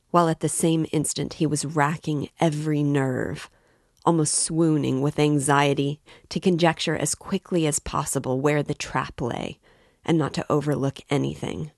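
A woman's voice: low voice, vocal fry, a little mellow, dry recording, studio quality. Woman reading a classic novel aloud. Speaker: audiobook reader. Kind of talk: literary audiobook narration.

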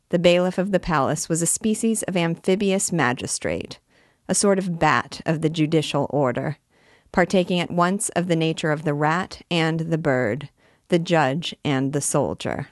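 A woman reading a classic novel aloud in a measured, expressive way. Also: low-pitched, no echo, clean studio sound. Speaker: reader and teacher.

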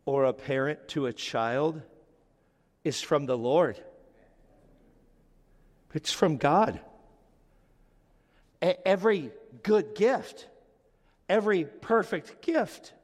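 A middle-aged male pastor with a fairly high voice preaches in a relaxed, joking way, stumbling and restarting as he goes. His voice rings out with a long reverb from a large church hall. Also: takes it slowly, long pauses. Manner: conversational, joking, with frequent restarts. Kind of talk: sermon.

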